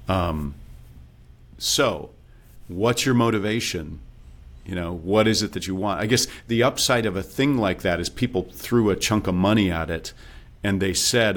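A man with a very low voice, speaking as a guest coach in a relaxed interview. He explains his advice step by step and sometimes slips into quoted self-talk. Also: normal speed. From based in Texas. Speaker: accent and dialect coach, guest.

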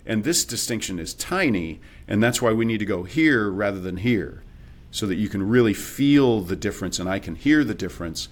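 A man's voice: fairly low pitch, normal speed. A man who is an accent and dialect coach, speaking as a guest in a podcast interview, explaining things patiently like a teacher. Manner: explanatory, teacherly, animated demonstrations.

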